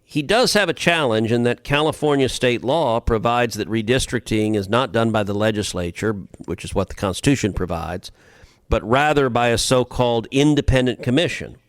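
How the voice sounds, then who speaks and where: A man's voice: medium pitch, lively intonation, moderate pace, dry recording, studio quality. Emphatic man arguing politics. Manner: emphatic, argumentative, repeats words when starting phrases. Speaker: podcast co-host, senator. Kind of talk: political commentary.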